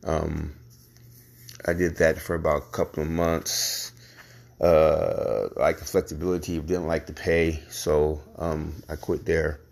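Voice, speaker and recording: A man hosting a podcast, telling his own story in a casual, halting way with frequent pauses and restarts. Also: a bass voice, creaky, a little mellow. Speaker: podcast host.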